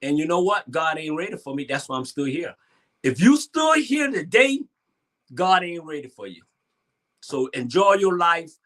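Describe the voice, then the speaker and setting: A man in his sixties from Georgia with a Southern accent, hosting a talk show and chatting in a lively, boastful way. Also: fairly high pitch, moderate pace. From Savannah, Georgia, US. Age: 60s. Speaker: host. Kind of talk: animated solo talk show monologue.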